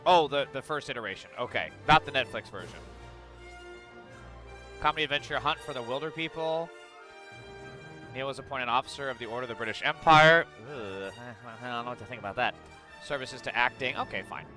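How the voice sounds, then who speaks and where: A man's voice: mid-range voice, fairly quick, long pauses, sharp tone, soft background music. A young man from the United States doing casual reaction commentary, reading news aloud and ranting with profane sarcasm. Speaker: political commentator.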